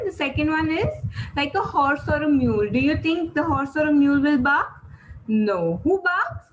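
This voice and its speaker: A woman teaching an online class for young children, asking quiz questions in an animated, sing-song way and praising often. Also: high voice, slight background noise, low-quality recording.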